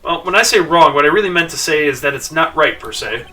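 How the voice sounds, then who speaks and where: A man's voice: on the high side, lively intonation, fast, sharp tone, recorded from a distance, faint music behind. A man voicing a timid, gangly male crybaby thief who stammers and keeps backpedaling. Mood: nervous.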